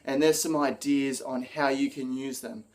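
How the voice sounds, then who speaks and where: Energetic man teaching public speaking. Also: mid-range voice, normal speed. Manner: energetic, demonstrates gestures while talking. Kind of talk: direct-to-camera teaching video.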